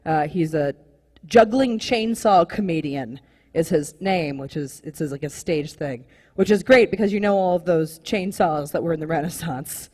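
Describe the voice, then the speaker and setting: A young woman performing a live stand-up comedy set, rambling and animated, full of "like" fillers. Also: sits low, moderate pace, husky, in a large hall. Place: comedy club stage with live audience.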